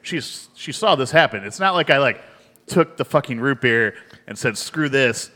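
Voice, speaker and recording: A man co-hosting a casual podcast, telling rambling stories full of swearing. His voice moves up and down a lot and has a bright, forward edge. The room adds a long, hall-like reverb. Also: medium pitch, expressive, moderate pace. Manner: rambling, profane storytelling with laughs. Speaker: podcast co-host. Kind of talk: casual beer podcast banter.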